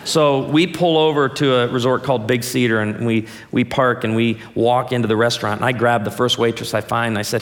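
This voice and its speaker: Playful pastor preaching in a big hall. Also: male voice, medium pitch, steady tone, brisk, hardly any pauses. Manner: playful, addresses the audience directly, jokes then turns heartfelt. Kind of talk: humorous sermon storytelling. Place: large hall or church auditorium, before an audience. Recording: long reverb of a large hall.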